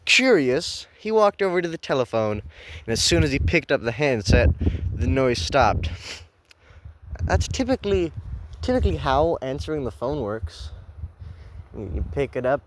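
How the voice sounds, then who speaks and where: A man's voice: mid-range voice, big pitch swings, normal speed, pauses often, noisy background. A man reading a horror story aloud for the first time, breaking off into sarcastic, profane, rambling commentary. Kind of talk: blind reading with comedic commentary.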